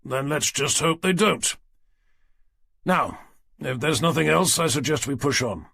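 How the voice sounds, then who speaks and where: A man's voice: on the high side, expressive, a little slow, vocal fry, pushed and bright, breathy edge, dry recording, voice pushed up, full character voice. A man voicing a weary, sardonic detective inspector in an audiobook, dry and commanding. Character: gruff weary middle-aged male detective inspector. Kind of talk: audiobook character reading.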